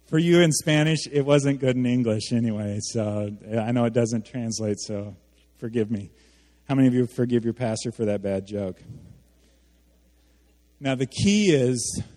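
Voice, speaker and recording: A man preaching a sermon as a pastor, animated, asking his congregation questions and acting out the quotes he reads. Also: medium pitch. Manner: animated, asks the audience questions, acts out quotes. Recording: hall reverb.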